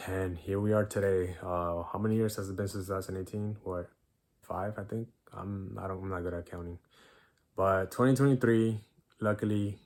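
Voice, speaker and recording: A young man in his twenties recounts a personal story to camera in a casual, slangy way. He acts out other people's lines as he goes. His voice sits a little low. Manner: animated retelling with slang and quoted dialogue. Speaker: vlogger.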